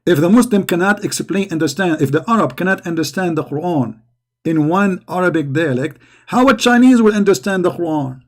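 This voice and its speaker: High-voiced man, combative and mocking. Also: expressive, fairly quick. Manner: combative, mocking, broken English. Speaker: religious debater. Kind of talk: polemic commentary monologue.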